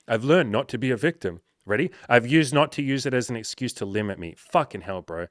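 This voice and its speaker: A man in his thirties giving blunt dating advice to a viewer, swearing freely and breaking into loud hyped-up bursts. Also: fairly low pitch, expressive, fast, few pauses, no room sound. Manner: swears often, loud bursts of hype, calls listener bro. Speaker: dating coach. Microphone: home microphone. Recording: dry close mic, some noise.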